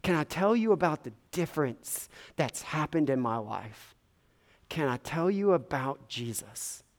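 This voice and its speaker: A man's voice: on the high side, a little slow. A man voicing a freed, formerly possessed man who is overjoyed and eagerly pleading. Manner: excited, urgent, pleading.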